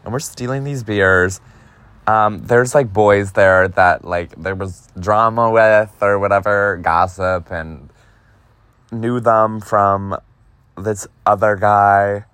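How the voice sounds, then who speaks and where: A man's voice: lowish voice, slow pace, fairly bright tone, clean tone, dry recording. A young man casually telling a story, chatty and profane, with lots of filler words. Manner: chatty, heavy use of "like", profane. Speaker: podcast host.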